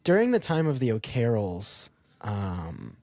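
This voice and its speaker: With a lowish voice, vocal fry, and a measured pace, this man co-hosts a podcast and chats casually through a castle's history. He's animated, laughs often, and uses fillers like "um"; there's no room sound.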